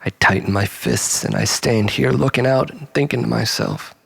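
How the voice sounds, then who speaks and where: A man's voice: mid-range voice, moderate pace, creaky, hardly any pauses, a bit bright, husky. A man delivering a dramatic first-person monologue in a brooding, weary, confessional way.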